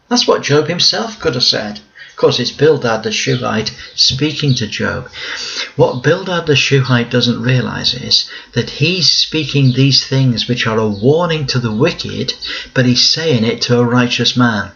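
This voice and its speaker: A man teaching a Bible lesson, reading verses aloud and then explaining them in plain conversational words, slow and emphatic. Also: mid-range voice, expressive, creaky, bright, forceful tone, highs cut off.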